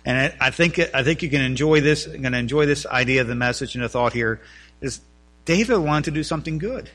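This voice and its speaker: A man preaching a sermon, reading scripture and explaining it with animated asides. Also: medium pitch, a little fast. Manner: animated preaching, voices biblical figures in quotes. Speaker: pastor.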